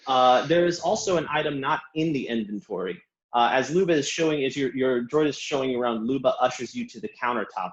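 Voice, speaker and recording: A man as game master, narrating a tabletop game scene in descriptive detail with many fillers. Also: medium pitch. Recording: dull lo-fi recording.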